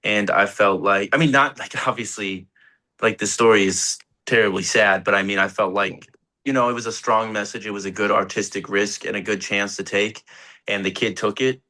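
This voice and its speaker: Young male actor, easygoing and chatty, lowish pitch with a bright edge. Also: steady tone, moderate pace. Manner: laid-back, rambling, laughs often, swears casually. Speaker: actor guest. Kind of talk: casual interview chat.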